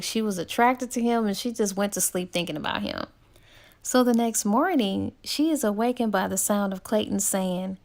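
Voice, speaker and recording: A woman's voice: a little high, creaky. A woman casually retelling a novel's plot as a book reviewer, chatty and laid-back, full of ums and likes.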